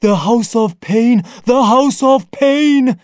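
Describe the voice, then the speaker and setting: Frenzied ape-man, voiced by a man: high shouted slow chant, dry studio read. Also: lively intonation, smooth, no room sound, full character voice.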